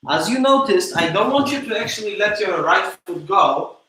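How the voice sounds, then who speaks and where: A man's voice: high-pitched, animated, moderate pace, pushed and bright, a little hiss or hum. A man teaching a dance class, counting beats aloud and coaxing students through steps, heard from a distance in a studio. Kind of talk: live online dance class. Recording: echoey room, from a distance.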